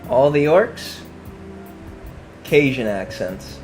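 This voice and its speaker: A man's voice: mid-range voice, expressive, extremely slow, a little mellow, faint music behind. A man casually chatting on a live stream as he paints miniatures, joking and rambling as he thinks aloud.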